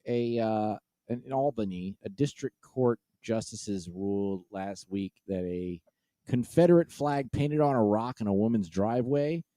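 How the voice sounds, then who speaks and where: A man's voice: lowish voice, mellow, no echo, clean studio sound. A man co-hosting a comedy podcast, talking casually with frequent hesitations. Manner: hesitant, many ums and uhs. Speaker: podcast co-host.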